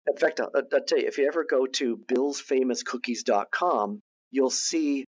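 A man of ordinary pitch tells a story as a podcast guest. He talks casually and often stumbles into restarts and repeated words as he builds the tale. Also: normal speed, slightly rough. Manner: animated anecdote-teller who restarts and repeats words. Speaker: guest, TV producer and director.

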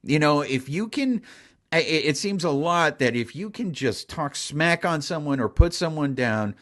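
A man's voice: on the high side, expressive, normal speed, a bit bright. A man hosting a podcast, asking long rambling questions in a casual interview. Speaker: podcast host.

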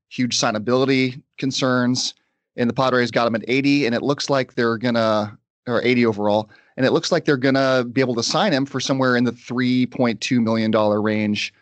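A man's voice: mid-range voice, no room sound. A man hosting a sports podcast, chatting casually and interviewing a guest. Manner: conversational, quick asides. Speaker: podcast host.

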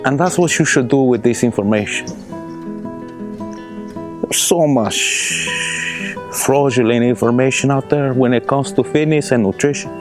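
A man voicing a boastful older rancher uncle, telling his story slowly and grandly. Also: mid-range voice, voice pushed up, close to an everyday voice. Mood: folksy. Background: guitar music.

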